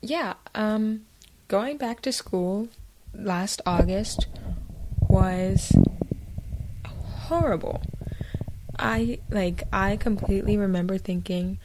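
A woman's voice: mid-range voice, slow, heavy background noise. A young woman hosting her own podcast in a chatty, self-mocking way, with lots of fillers. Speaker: podcast host. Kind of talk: casual solo podcast chat.

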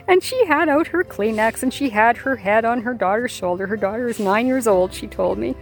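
A woman's voice: on the high side, a little fast, hardly any pauses, soft background music. An older woman, a grandmother, hosting a podcast and telling a heartfelt personal story in a conversational way. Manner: heartfelt, conversational with fillers and repeats. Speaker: podcast host. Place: outdoors or near open air, plane overhead.

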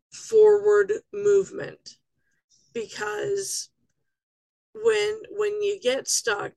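Blunt potty-mouthed lady doing her daily card reading, kinda gravelly voice, dry close sound. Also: a little high, no room sound, low-quality recording. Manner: blunt, profane, chatty. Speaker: tarot podcast host. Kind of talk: casual spoken reading.

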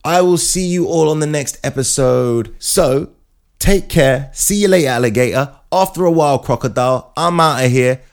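A man, chatting in a casual comic monologue, self-mocking and animated. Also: fairly high pitch, moderate pace. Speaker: vlogger.

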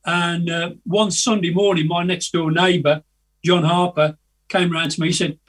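A man's voice: high voice, flat delivery, moderate pace, fairly bright tone. An older man from the telling rambling stories in a casual interview over a video call, hesitant and chatty, often laughing at his own tales. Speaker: guest musician. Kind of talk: casual anecdotal storytelling. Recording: voice a bit distant from the mic.

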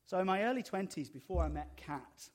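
A middle-aged man delivers a sermon in a voice pitched a little above most men's. He tells his stories with dry, self-mocking humor. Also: expressive, fairly quick. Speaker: pastor.

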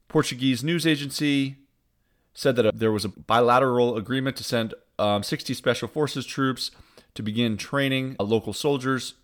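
Deadpan man reading satirical news. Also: medium pitch, normal speed. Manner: deadpan delivery with wry asides. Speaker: host.

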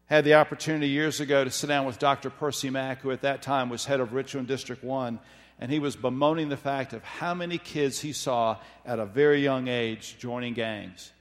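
A man giving a measured, emphatic sermon, slowing down when he reads scripture. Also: medium pitch, steady tone. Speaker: preacher. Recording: long hall reverb.

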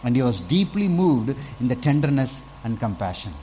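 A man preaching a sermon as pastor, animated, swinging from quiet stretches to loud bursts as he acts out little scenes. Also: mid-range voice, normal speed, a little hiss or hum, rough recording.

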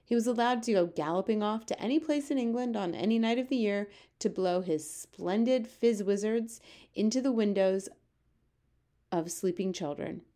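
A woman reading a children's book aloud with steady, expressive storytelling. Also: mid-range voice, moderate pace. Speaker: reader.

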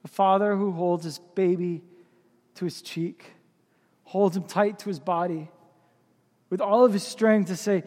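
A man's voice: high-pitched, fairly even intonation, moderate pace, in a large hall. A man preaching a sermon as pastor, with impassioned, building emphasis.

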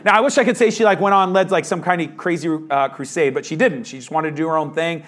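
A man's voice: on the high side, quick pace, a bit bright. A man preaching a verse-by-verse sermon as pastor, in a casual, conversational manner.

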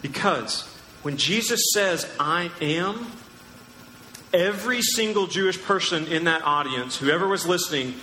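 Emphatic pastor in an echoey hall. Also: male voice, on the high side, moderate pace, sharp tone, slight background noise. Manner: emphatic, teacherly, asks the crowd questions. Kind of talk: sermon. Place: large church hall. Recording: echoey church hall with long reverb.

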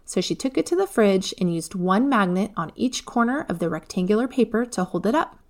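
A woman narrating a children's storybook in a clear, even reading voice. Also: medium pitch, fairly quick.

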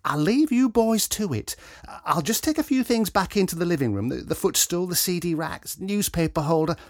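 A kindly, fussing elderly woman from a storybook, put on by a man reading aloud. Her voice sits higher and flutters up and down with motherly chatter. The tone is slightly husky and close, with a dry sound. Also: expressive, moderate pace, darkish tone, no echo. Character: kindly older woman homeowner, fussing and gentle.

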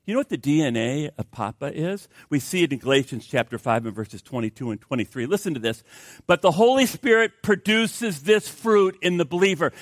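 An older man, a pastor, preaching a sermon with lively storytelling and jokey asides to the congregation. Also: on the high side, no room sound, clean studio sound.

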